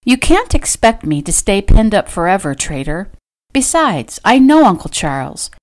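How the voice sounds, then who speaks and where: A woman's voice: mid-range voice, big pitch swings, normal speed, lightly acted. A woman voicing a spirited young heroine, a character in her own audiobook novel. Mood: earnest.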